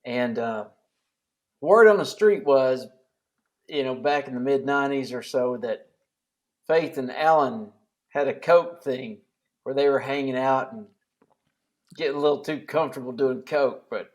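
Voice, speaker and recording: A man's voice: mid-range voice, measured pace, long pauses, a little mellow. A man in casual podcast chat as a guest, joking and rambling loosely.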